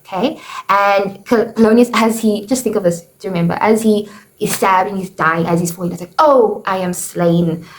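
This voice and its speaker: A woman's voice: mid-range voice, fairly even intonation, a little fast. A woman teacher recapping a play for students in a casual lesson, filling her talk with "okay" and "you know" and paraphrasing the characters' lines. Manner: chatty, explains with paraphrased quotes, frequent "okay" and "you know".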